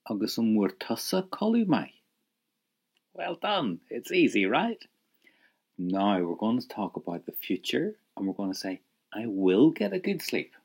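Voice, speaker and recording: A man's voice: lowish voice, sing-song, measured pace, vocal fry, slightly rough. A man leading a spoken language lesson, patiently prompting the listener to repeat phrases and praising each answer. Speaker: language teacher.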